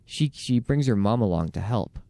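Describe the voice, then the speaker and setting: A man's voice: fairly low pitch, normal speed, vocal fry, dry recording. A man telling a crude story in casual chat, swearing often and acting out the voices of the people in it. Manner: animated storyteller, swears a lot, acts out quotes. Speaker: podcast co-host.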